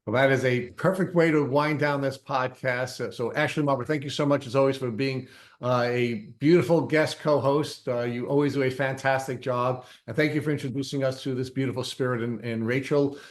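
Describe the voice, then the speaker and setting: A man hosting a podcast, talking in a halting way with many restarts and uhs. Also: medium pitch, fairly even intonation. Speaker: podcast host. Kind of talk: casual interview chat. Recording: echoey room.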